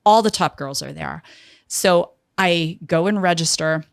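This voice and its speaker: A middle-aged woman telling an animated personal story in an interview, acting out the people she quotes. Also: lowish voice, a little slow, creaky, no room sound, studio quality. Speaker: guest, entrepreneur.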